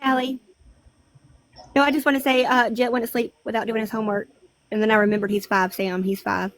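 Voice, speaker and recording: A woman's voice: on the high side, little pitch movement, fairly quick. A woman in a casual livestream chat, joking, swearing freely and laughing often.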